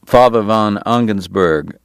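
A sardonic, genteel gentleman with a soft drawl, put on by a male narrator. His delivery sits fairly low and dry, courtly on the surface but barbed underneath. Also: a little slow, no room sound. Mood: genteel, wry. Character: sardonic consumptive Southern gentleman, a dentist. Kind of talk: audiobook character voice.

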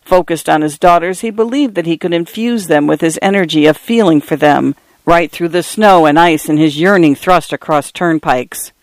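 A man narrating literary fiction in a measured, descriptive reading. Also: on the high side, dry recording.

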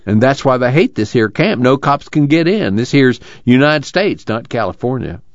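A man's voice: mid-range voice, animated, normal speed, dry recording, voice pushed up, lightly acted. A man voicing a stout, indignant camp worker telling tales in a cussing rural drawl. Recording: dull lo-fi dry recording.

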